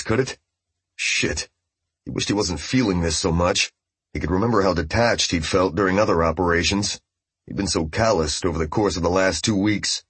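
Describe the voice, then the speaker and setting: A man reading a novel aloud as narrator, in a steady storytelling voice. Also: sits low, husky, dry recording. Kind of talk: scripted audiobook narration.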